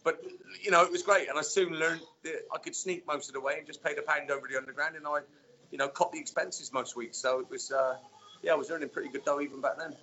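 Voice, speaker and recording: Ex footballer guy chatting loose with lots of ums, bright tone, bit lo-fi. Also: on the high side, fast. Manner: relaxed storyteller, many fillers. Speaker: former footballer guest. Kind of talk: casual interview chat. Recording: dull lo-fi sound.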